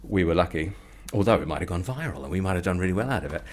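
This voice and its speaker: A man telling a comic story as an interview guest, acting out the voices of the people in it. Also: rapid-fire. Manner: animated storyteller, acting out voices with rising pitch. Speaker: comedy performer and guest. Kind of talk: anecdotal storytelling.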